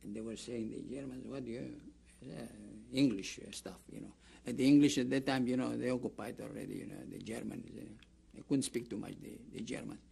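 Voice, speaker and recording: A mid-range, brisk male voice with vocal fry, warmth and a breathy edge belongs to an older Greek-accented camp survivor. Interviewed for an oral history, he rambles with restarts and acts out the people he quotes.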